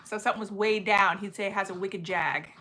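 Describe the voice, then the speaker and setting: A woman's voice: medium pitch, steady tone, fast talker, sharp tone. A woman co-hosting a casual livestream, earnest and chatty, coming back to her point again and again. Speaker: livestream co-host.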